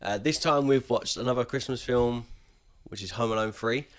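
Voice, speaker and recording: A man's voice: medium pitch, moderate pace. Rambling man co-hosting a podcast. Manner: rambling, many ums and restarts. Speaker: podcast co-host. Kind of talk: casual chat.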